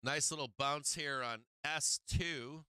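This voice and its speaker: This middle-aged man hosts a live stock market stream, giving casual trading commentary, talking excitably to his chat and swearing freely. His voice sits on the high side and moves slowly, with a clean tone and no echo.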